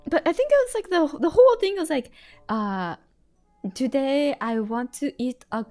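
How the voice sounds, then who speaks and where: A woman's voice: high voice, expressive, normal speed, a little mellow, soft background music. A young American woman chatting casually on a live stream while she draws, rambling and giggling with lots of fillers.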